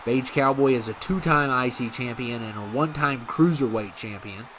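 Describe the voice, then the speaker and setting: A man's voice: mid-range voice, normal speed, fairly bright tone, a little hiss or hum. A man giving casual, rambling commentary on a video game wrestling series, often correcting himself as he goes. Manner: rambling, self-correcting, laid-back.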